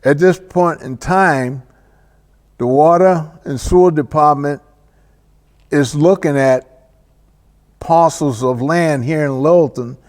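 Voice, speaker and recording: A man hosting a local cable show, talking through local affairs in a slow, deliberate monologue with pauses and restarts. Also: on the high side, darkish tone, in a large hall. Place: local access TV studio.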